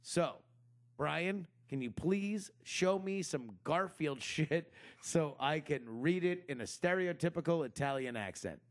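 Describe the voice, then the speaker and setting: A man's voice: fairly high pitch, lively intonation, measured pace. A man co-hosting a podcast in casual banter, rambling, swearing and laughing often. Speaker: podcast co-host.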